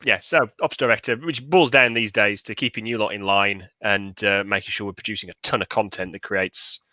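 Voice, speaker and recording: A man's voice: lowish voice, fairly even intonation, a little fast, pushed and bright, no room sound. A young man, an operations director, talking casually and thoughtfully with dry humor. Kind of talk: casual chat. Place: indoor, video call.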